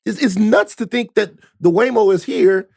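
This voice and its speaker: Gravelly, higher-voiced animated American man. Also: normal speed, no echo, clean studio sound. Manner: animated storyteller, swears, laughs often. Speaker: podcast co-host. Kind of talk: casual podcast chat.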